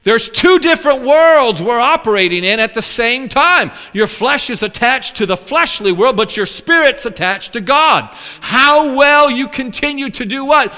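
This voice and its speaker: A man preaching a sermon, animated, acting out the complaining voices of the people in his story. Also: very high voice. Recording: long hall reverb.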